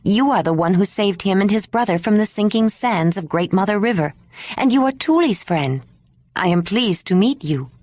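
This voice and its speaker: A woman's voice: mid-range voice, lively intonation, measured pace, dry recording, studio quality, pitched above the performer's own voice. A woman narrator voicing an earnest, polite young woman with a peculiar way of speaking. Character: young woman, gentle, earnest, odd accent.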